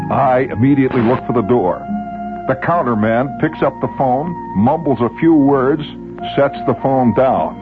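A man's voice: medium pitch, animated, normal speed, phone-quality sound, music in the background. A man telling a first-person story in a wry, vivid way.

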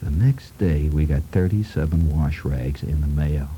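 A man's voice: a bass voice, a little slow, dark tone, lo-fi sound, a little hiss or hum. A man telling a humorous childhood story in a rambling, conversational way with asides to his listeners.

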